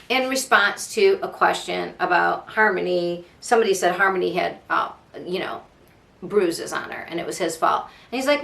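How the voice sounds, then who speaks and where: A woman's voice: mid-range voice, normal speed, gravelly, a bit bright. A woman hosting a casual true crime podcast, sarcastic and fired up, mocking and swearing as she talks. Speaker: podcast host. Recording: echoey room.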